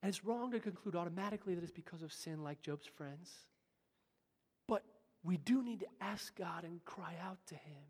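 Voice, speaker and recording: A pastor delivering a sermon with emphatic delivery, swinging between loud urgent passages and hushed asides. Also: mid-range voice, animated, moderate pace, husky. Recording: long hall reverb.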